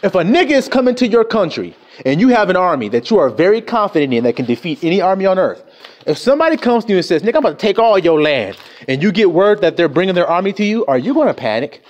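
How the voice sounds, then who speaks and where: A man delivering a fiery, profane sermon, swinging from low mutters to shouts. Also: very animated, fast. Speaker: self-styled preacher. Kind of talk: fiery street-style sermon.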